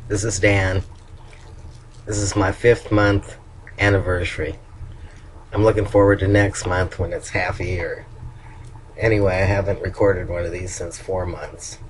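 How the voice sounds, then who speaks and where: An older man with a low voice talks through a casual video diary in a candid, upbeat way. Faint noise hums under the recording. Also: level tone, unhurried, long pauses, rough recording. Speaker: vlogger.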